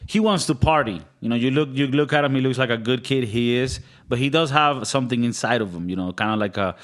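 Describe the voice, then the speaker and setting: A man's voice: medium pitch, fast. A man hosting a podcast in casual chat, joking and rambling, who now and then slips into put-on accents. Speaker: podcast host.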